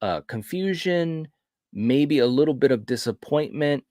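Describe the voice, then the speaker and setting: A podcast co-host with a warm, slightly high voice and lively intonation speaks a little slowly, recorded in a studio with no echo. In a casual film review chat, he enthusiastically rambles through a horror film, retelling it scene by scene.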